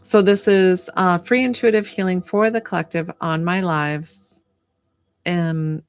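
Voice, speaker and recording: Chatty gravelly woman live-streaming. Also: lowish voice, no room sound. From United States. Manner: chatty, giggly, lots of fillers. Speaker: psychic medium hosting a live stream. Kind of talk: casual live-stream chat.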